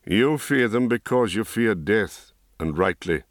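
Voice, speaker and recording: A man's voice: expressive, dry recording, clean studio sound. A man reading as a grave old-souled wizard. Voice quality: low, grave and measured. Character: grave, wise middle-aged male mage. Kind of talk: audiobook reading.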